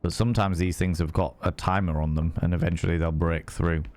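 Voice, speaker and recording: A man's voice: low voice, fairly even intonation, a little fast, a little mellow. A man streaming a horror game, reading notes aloud, swearing and thanking viewers. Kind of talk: casual live gameplay commentary.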